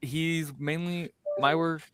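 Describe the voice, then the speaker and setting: A man's voice: fairly high pitch, fairly even intonation, takes it slowly, crowd noise. A man hosting a casual comics chat, joking and swearing, often breaking into laughter. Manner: profane, joking, bursts of laughter. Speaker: podcast host.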